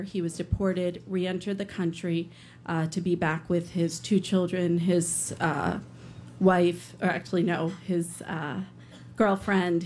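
A woman's voice: fairly low pitch, darkish tone, a little hiss or hum. A woman telling a personal story live on stage, earnest, with some hesitant fillers.

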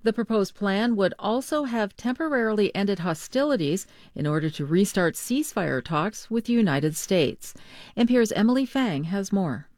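Woman, newscaster, radio headlines, measured, dry close sound. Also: medium pitch, expressive, darkish tone, no echo. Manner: crisp, measured delivery. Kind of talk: radio news reading.

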